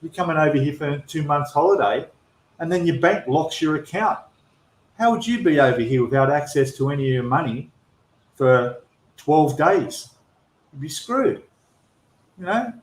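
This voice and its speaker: A man's voice: fairly high pitch, animated, moderate pace, pauses often. An Australian man hosting a live stream Q&A, talking in an exasperated, emphatic way with frequent restarts. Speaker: channel host. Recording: roomy echo.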